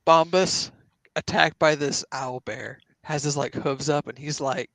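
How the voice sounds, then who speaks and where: A man at a tabletop game with a fairly high, bright voice, captured in a dry close recording. He rambles jokily and leans on filler words. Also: fairly even intonation, measured pace, no room sound.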